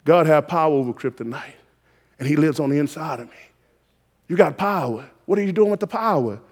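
Male preacher, high voice, fervent exhorting sermon delivery with loud peaks. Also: fairly quick, breathy edge. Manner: exhorting, call-and-response rising to shouted emphasis.

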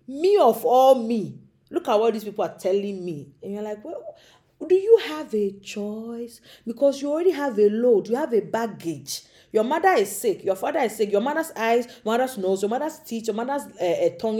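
A young woman from Africa, telling a comic monologue and slipping into small character voices. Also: mid-range voice. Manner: animated, acts out little voices. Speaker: comedic storyteller. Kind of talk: comedic monologue.

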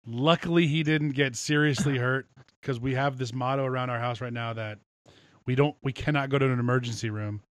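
A man's voice: mid-range voice, steady tone, a little fast, dry recording. A man co-hosting a casual chat, telling a story about his own slip-up with a dry, self-mocking tone. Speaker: co-host.

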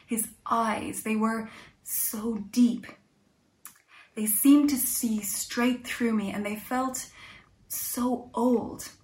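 A woman telling a first-person story in an unhurried, reflective way, soft at its quiet moments. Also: on the high side, steady tone. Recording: echoey room.

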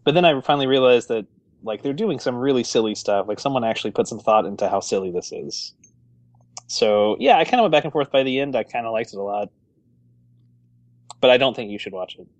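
A man's voice: mid-range voice, lively intonation, fairly quick, no echo. A man co-hosting a movie podcast in casual chat, rambling with lots of fillers. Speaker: podcast co-host.

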